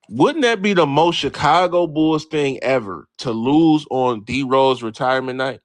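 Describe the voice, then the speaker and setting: A man's voice: mid-range voice, a little slow, hardly any pauses, dry recording. A brash man hosts a late-night sports stream and fires back at his chat, swearing freely. His voice sits mid-range for a man. The sound is dry and close, with little room in it. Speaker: livestream host. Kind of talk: casual profane sports talk to live chat.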